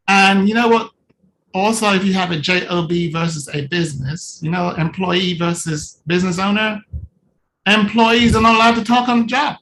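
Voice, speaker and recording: A coach giving a live presentation on a video call. The delivery is animated and playful, with little scenes acted out. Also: mid-range voice, normal speed, slight background noise, poor audio. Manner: animated and playful, acts out little scenes while talking to a participant. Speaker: coach presenting at a virtual summit.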